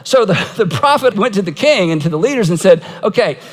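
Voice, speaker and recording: A man's voice: sits high, expressive, quick pace, long reverb tail. A man preaching a sermon as pastor, telling stories in a conversational way and acting out quoted voices with humor.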